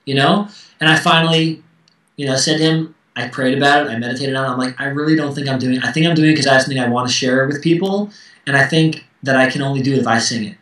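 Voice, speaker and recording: A man's voice: medium pitch, fast talker, fairly bright tone, reverberant, distant mic, poor audio. A man in his thirties, a musician guest speaking candidly and acting out quoted dialogue in casual interview chat.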